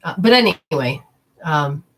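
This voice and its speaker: A woman's voice: low-pitched, lively intonation, unhurried, a bit bright, breathy edge. A woman hosting a spiritual healing talk, explaining steps in a rambling, instructive way and speaking straight to her listeners. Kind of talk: casual teaching talk.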